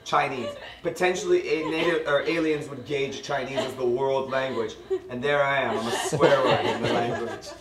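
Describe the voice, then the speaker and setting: A man's voice: medium pitch, steady tone, moderate pace, hardly any pauses, over a noisy crowd. A young man telling a casual story among friends, laughing as he goes and acting out what people said. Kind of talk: casual chat. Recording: roomy, distant mic, noisy background.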